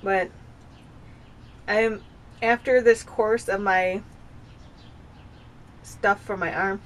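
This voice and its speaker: A woman's voice: mid-range voice, fairly even intonation, very slow, slight background noise. A woman in her thirties talking at home in a casual personal vlog, rambling and confessional, often circling back and restarting her sentences. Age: 30s. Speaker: vlogger. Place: home with dogs nearby.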